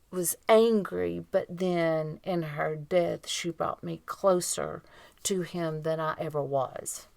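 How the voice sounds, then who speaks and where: Slow, gravelly woman co-host. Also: on the low side, no echo. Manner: earnest, emphatic, slow and deliberate. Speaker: podcast co-host. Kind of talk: casual chat.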